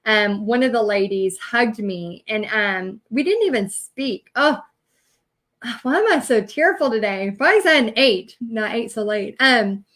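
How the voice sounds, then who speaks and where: A woman's voice: on the high side, lively intonation, measured pace, a bit bright. A woman giving a live-streamed training talk as a business coach, earnest and emotional, rambling with many fillers.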